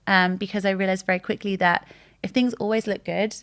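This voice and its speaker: A woman's voice: mid-range voice, brisk. A woman in her thirties talking candidly and openly in a casual chat, telling stories with animation. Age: 30s. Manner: open, candid and animated storytelling. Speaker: guest.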